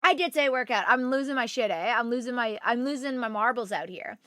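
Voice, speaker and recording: Young woman streamer, chatty and loose, many fillers; bright voice, dry sound. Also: a little high, brisk, no echo. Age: young adult. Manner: chatty, talks to viewers by name, many fillers. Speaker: livestream host. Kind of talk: casual chat with live chat.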